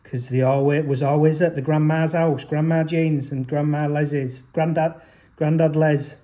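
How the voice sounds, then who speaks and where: High-voiced aggrieved dad. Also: male voice, steady tone, measured pace, warm tone. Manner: aggrieved, rambling, frequent restarts. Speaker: father vlogger. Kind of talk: emotional personal storytelling.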